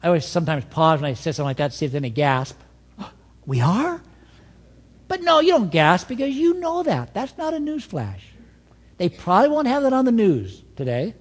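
A man preaching a sermon as pastor, telling stories with an animated delivery that swings between soft asides and emphatic points. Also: sits high, fast talker, husky, long reverb tail.

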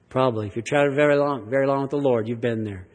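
A man's voice: mid-range voice, brisk, big-room sound. A man preaching a sermon, reading Scripture aloud and teaching from it with earnest, emphatic delivery that swells and drops. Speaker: pastor.

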